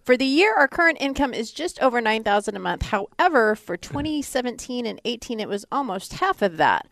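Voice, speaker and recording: A woman's voice: a little high, very animated, a little fast, fairly bright tone, slight background noise. Teasing woman co-hosting a radio show. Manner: teasing, bossy with her co-host. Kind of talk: radio co-host banter and reading listener questions. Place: radio studio.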